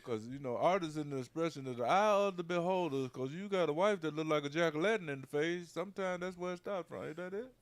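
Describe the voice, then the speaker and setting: A man's voice: on the high side, fast talker, few pauses, dry recording. A man co-hosting a podcast in casual comedic chat, riffing with crude, playful jokes. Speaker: podcast co-host.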